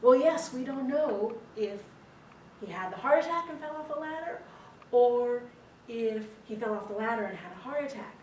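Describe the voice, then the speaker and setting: A woman voicing a brisk, matter-of-fact female medical social worker, in a raised voice. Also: on the high side, lively intonation, slight background noise, pitched above the performer's own voice, lightly acted. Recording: roomy distant recording with faint ambience.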